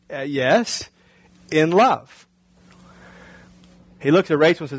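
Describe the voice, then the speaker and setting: A man's voice: on the high side, expressive, measured pace, long pauses, husky, poor audio. A male pastor preaching a sermon in a conversational way, often asking the congregation rhetorical questions.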